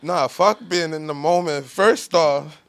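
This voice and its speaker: Slangy, emphatic man with a high voice. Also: unhurried, slight background noise. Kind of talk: casual chat.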